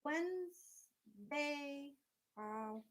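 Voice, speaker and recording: A woman's voice: high voice, expressive, extremely slow. A woman hosting a casual live stream from home, chatting directly with her viewers and laughing often.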